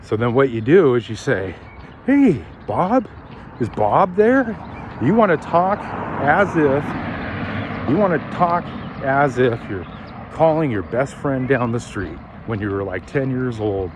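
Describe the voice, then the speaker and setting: A man who manages car sales, coaching on a walk and acting out phone calls in lively bursts. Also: mid-range voice, noisy background. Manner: animated, acts out phone calls in quick bursts. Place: outdoors while walking.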